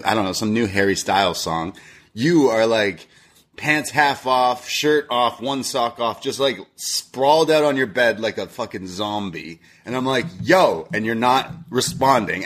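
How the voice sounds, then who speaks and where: A man with a husky, lowish voice co-hosts a casual podcast. He rambles through a long anecdote, swearing freely and chuckling at himself along the way. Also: a bit bright. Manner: rambling storyteller, swears often, laughs at himself. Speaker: podcast co-host. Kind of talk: casual chat.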